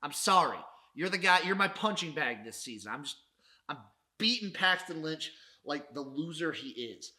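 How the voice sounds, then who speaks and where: Bright-voiced man ranting about sports. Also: a little high, animated, normal speed. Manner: profane, mock-dramatic ranting. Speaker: sports podcast host. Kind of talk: casual sports recap rant.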